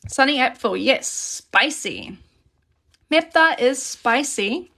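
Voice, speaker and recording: A woman teaching a relaxed, chatty live grammar lesson and reading out questions from chat as she writes on paper at her desk. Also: high voice, measured pace, vocal fry. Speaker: Korean language teacher.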